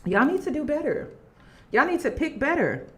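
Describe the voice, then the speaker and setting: A woman vlogger chatting straight to her audience in a casual commentary. Her fairly high voice rises and falls a lot. She laughs often between remarks. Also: moderate pace. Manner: animated, laughing, talks straight to viewers.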